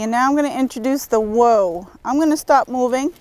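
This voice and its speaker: A woman horse trainer giving calm, patient step-by-step instructions outdoors while working a horse in an arena. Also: high voice, brisk, dry recording, poor audio.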